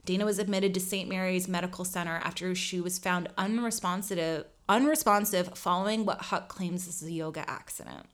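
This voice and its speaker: A woman's voice: fairly low pitch, fairly even intonation, fairly quick, few pauses. A woman in her thirties co-hosting a podcast, telling a true-crime story in a chatty, casual way with lots of fillers. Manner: chatty, lots of "like", laughs often. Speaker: podcast co-host.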